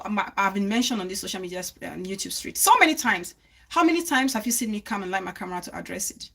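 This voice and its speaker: Bright-voiced woman lecturing her live-stream viewers. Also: mid-range voice, slightly rough. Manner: earnest, repeats phrases for emphasis, stops to scold commenters. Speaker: livestream host.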